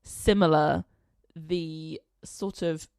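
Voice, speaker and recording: A woman co-hosting a podcast in casual chat, acting out movie scenes with loud exclamations. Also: low-pitched, steady tone, extremely slow, creaky, smooth, dry recording, studio quality. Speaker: podcast co-host.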